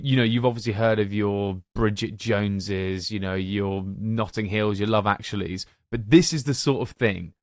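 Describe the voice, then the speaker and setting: A man's voice: fairly low pitch, no room sound, clean studio sound. A young man co-hosting a podcast, enthusiastically praising films and addressing listeners like a showman. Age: young adult. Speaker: podcast co-host. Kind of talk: enthusiastic film-ranking chat.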